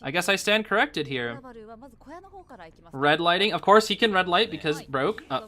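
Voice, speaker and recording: A man is live-streaming commentary on a tournament match, excitable and chatty, thinking aloud and bursting into laughter. His voice sits high and he speaks at a moderate pace.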